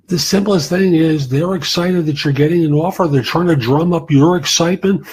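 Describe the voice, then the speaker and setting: Man, career advice host, husky voice, blunt and plain-spoken. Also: mid-range voice, darkish tone, poor audio. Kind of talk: answering listener questions.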